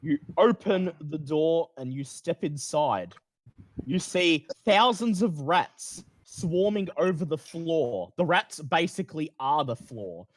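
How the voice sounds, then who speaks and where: A man's voice: fairly high pitch, lively intonation, slow, no echo. Male game master, casual narration, dry close voice.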